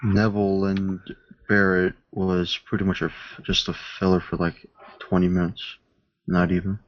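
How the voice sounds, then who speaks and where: A man's voice: deep voice, little pitch movement, normal speed, dull audio. A man co-hosting a casual podcast, tossing in short teasing remarks. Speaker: podcast co-host. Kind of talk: casual chat.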